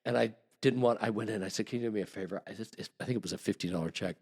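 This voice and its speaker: A man's voice: fairly low pitch, very fast, darkish tone, slightly rough. A man guest on a podcast, telling a long, rambling story with restarts and acted-out quotes. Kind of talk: casual storytelling.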